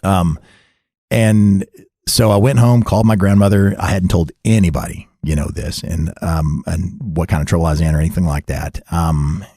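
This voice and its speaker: Guy, middle-aged, really low gravelly voice, husky, rambling candid story, laughs a lot. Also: fairly even intonation, moderate pace, warm tone, dry recording, studio quality. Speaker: podcast guest telling his life story. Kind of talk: casual storytelling.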